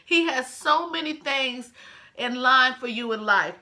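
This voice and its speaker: Calm, faithful woman nurse, put on by a woman storyteller; soothing, reassuring, slightly raised bright voice. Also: high voice, measured pace.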